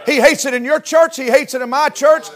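A man in his fifties preaching a sermon with fervent delivery that swells into shouts and whoops. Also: very high-pitched, steady tone, brisk. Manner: fervent Southern-style preaching, rising to shouts.

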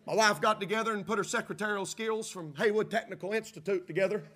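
A man's voice: high-pitched, fast talker, fairly bright tone. A man preaching a sermon, telling a folksy story and working up to fervent preaching. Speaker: pastor.

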